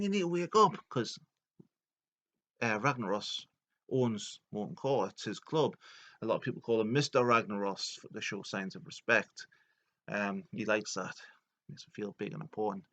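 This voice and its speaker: A man retelling video game lore as a comedy, rambling and deadpan with many fillers. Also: on the low side.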